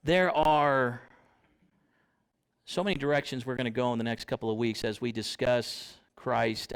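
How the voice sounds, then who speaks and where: A man's voice: mid-range voice, clean tone. A young man preaching a sermon in church, conversational, often asking the congregation questions.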